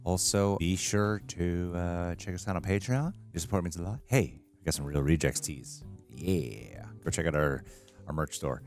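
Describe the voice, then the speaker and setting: A man's voice: low-pitched, normal speed, darkish tone, soft background music. A man hosting a reaction show, giving an upbeat intro with plugs.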